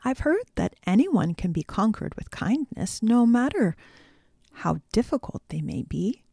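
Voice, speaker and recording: A woman's voice: fairly high pitch, big pitch swings, a little slow, gravelly, mellow, slightly rough, no echo, clean studio sound, pitched above the performer's own voice, full character voice. Woman voicing a timid tin man. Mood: gentle. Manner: anxious, pleading. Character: kind-hearted male tin man, timid.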